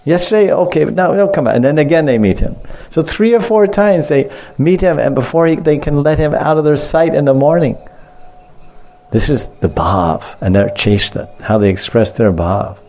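A man gives a devotional lecture on scripture in a mellow, soft-edged voice. He repeats key words, drifts into side remarks, laughs often and acts out the scenes he retells. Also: on the high side, moderate pace. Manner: repetitive, digressive, laughs often, acts out stories. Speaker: spiritual teacher.

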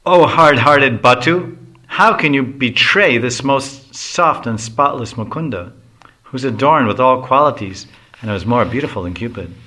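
A man voicing a gentle, lovesick young princess who speaks earnestly. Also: mid-range voice, lively intonation, normal speed.

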